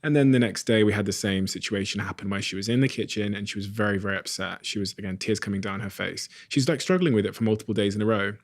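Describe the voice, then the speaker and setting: A man hosting an interview, speaking thoughtfully and haltingly as he searches for his words. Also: fairly low pitch, no echo, clean studio sound. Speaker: podcast host. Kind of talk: reflective interview questions.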